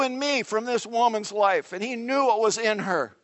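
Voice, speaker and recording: Animated high-voiced male preacher. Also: moderate pace, a little hiss or hum. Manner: animated, conversational preaching with dramatic asides. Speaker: pastor. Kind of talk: sermon.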